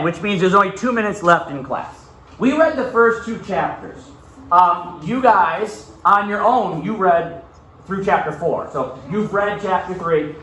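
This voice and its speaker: A man's voice: high voice, a bit bright. Echoey, distant male teacher reading aloud. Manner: casual, checks in with frequent "okay?". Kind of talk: reading aloud and class discussion. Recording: very echoey room, far from mic.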